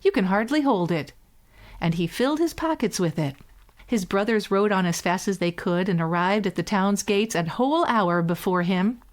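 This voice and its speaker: A woman's voice: medium pitch, expressive, normal speed. Woman reading a bedtime story.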